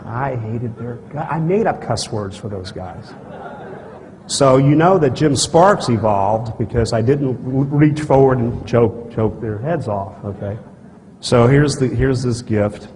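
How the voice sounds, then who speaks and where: A man of average pitch tells a personal story at a conference, blunt and folksy, acting out the exchanges and clearing his throat now and then. His voice rings with the long reverb of a large hall. A faint hiss sits under this archival recording. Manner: animated storyteller who acts out dialogue and gestures; blunt and folksy, with frequent asides to the audience. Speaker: speaker at a conference. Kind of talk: live lecture, personal storytelling. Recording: archival talk, echoey hall, faint noise.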